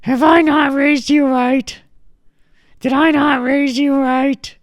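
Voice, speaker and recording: A man voicing a bossy, judgmental old grandmother who nags and swears in a high, squawking voice. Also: flat delivery, slow pace, no room sound, clean studio sound. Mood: indignant.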